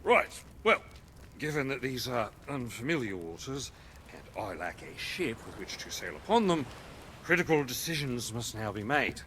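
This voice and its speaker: A man's voice: medium pitch, big pitch swings, normal speed, fairly bright tone, a little hiss or hum. An actor playing a roguish, swaggering male pirate captain in a game, talking in a theatrical, slurring, wry way. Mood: scheming. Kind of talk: game character dialogue.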